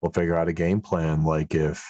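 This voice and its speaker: A man's voice: low-pitched, flat delivery, moderate pace, dark tone, dry recording, muffled recording. A man talking as his character in a tabletop game, laid-back and easygoing. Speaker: player. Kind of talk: tabletop game role-play.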